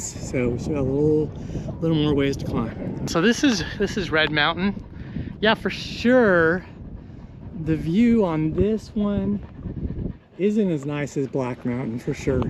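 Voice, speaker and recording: Breathless man vlogging on a trail. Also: on the high side. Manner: chatty, breathing hard while climbing. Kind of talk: casual vlog narration while hiking. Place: outdoors on a desert mountain trail. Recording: noisy outdoor recording.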